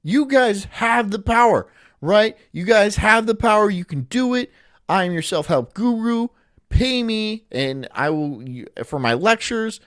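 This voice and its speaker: A man's voice: sits high, animated, measured pace, fairly bright tone, pitched above the performer's own voice. A man putting on the voice of a smug, sarcastic self-help guru giving a mock pep talk. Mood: mock-rousing.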